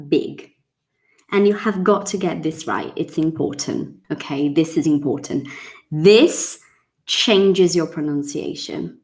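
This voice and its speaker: A woman gives a casual English lesson in a somewhat low voice. She talks slowly and chats as she goes. She repeats single words several times so learners can copy them. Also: darkish tone. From Brazil. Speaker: English teacher.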